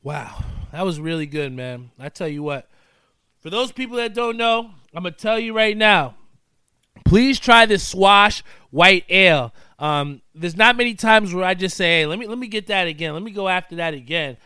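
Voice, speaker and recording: A laid-back male talk show host with a bright, ringing voice and crisp, clean diction, sitting a touch high for a man. He chats loosely and keeps calling his listeners "man". The sound is dry and close, with no room echo. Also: moderate pace. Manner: laid-back, chatty, says "man" often. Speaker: podcast host. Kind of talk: casual show sign-off with sponsor shout-outs.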